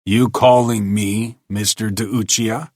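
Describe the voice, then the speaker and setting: Man doing a weary old ham, quiet and sour, slow and deep. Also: steady tone, no room sound, clean studio sound. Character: gloomy old ham actor turned janitor.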